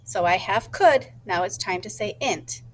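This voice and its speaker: A woman teacher thinking aloud in a gentle voice and slowly sounding out words as she models a writing lesson for young children. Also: medium pitch, expressive, breathy edge. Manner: slow, deliberate sounding-out of words.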